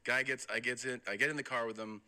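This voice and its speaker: A medium-pitched man talks fast as a podcast guest, telling a casual story full of profanity. He animates it by quoting the people in it.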